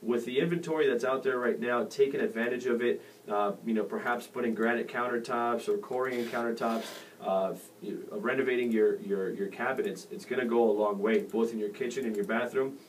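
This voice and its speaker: A man's voice: mid-range voice, fairly even intonation, brisk, hardly any pauses. A middle-aged man talks through real estate advice on a radio show. He wanders, restarts his sentences and leans on fillers. His voice sits a little far from the mic, with a faint hiss under it. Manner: rambling with many fillers and restarts. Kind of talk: casual radio advice talk. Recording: distant mic with faint noise.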